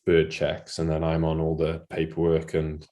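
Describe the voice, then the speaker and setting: A young Welsh farmer, a native Welsh speaker from mid Wales, chatting as a podcast guest with a Welsh accent and lots of ums and restarts. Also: male voice, a bass voice, monotone, moderate pace, mellow. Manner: hesitant, with many ums and restarts. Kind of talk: casual interview chat.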